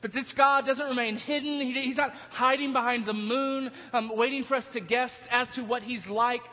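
A man preaching a sermon, telling a story in an animated way, now and then breaking into yelling. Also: very high voice, normal speed. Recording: dull sound, long hall reverb.

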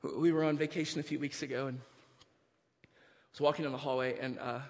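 A man preaching a sermon as pastor, moving between hushed storytelling and impassioned, near-shouted preaching. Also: mid-range voice, little pitch movement, fast, big-room sound.

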